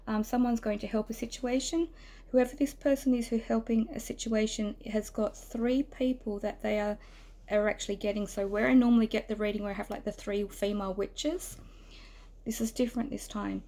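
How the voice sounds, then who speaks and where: A woman giving a tarot reading straight to the listener, soft and earnest, now and then dropping into a whisper. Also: fairly high pitch, steady tone, moderate pace, low-quality recording. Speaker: tarot reader. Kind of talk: intimate tarot reading to the viewer. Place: indoors near a road.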